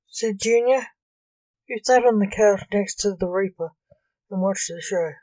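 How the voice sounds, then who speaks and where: A woman reading a comic story aloud in a measured, gently expressive way. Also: mid-range voice, no echo, rough recording.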